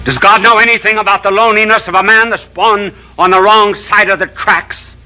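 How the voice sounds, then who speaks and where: High, bright-voiced orating bishop. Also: male voice, steady tone, a little fast, low-quality recording. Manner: oratorical, builds through long runs of rhetorical questions. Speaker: bishop, television preacher. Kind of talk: televised sermon. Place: television studio.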